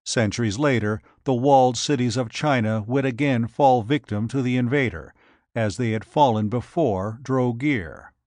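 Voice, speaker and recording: A man narrating an adventure story in a measured, even reading. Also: mid-range voice, dry recording. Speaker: audiobook narrator.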